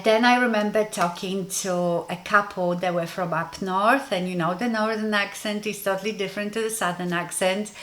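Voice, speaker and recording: A woman's voice: mid-range voice, fairly bright tone. A woman from Poland with a Polish accent, a native Polish speaker, telling a personal story to her viewers in a rambling, conversational way, full of ums. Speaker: beauty vlogger. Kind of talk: casual story-time monologue.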